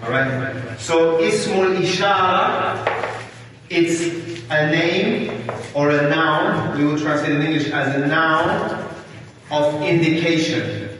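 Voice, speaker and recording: A man's voice: a little high, slow, background noise. A man teaching an Arabic class, patiently quizzing his students by name. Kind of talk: classroom lesson. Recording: echoey hall, mic far off.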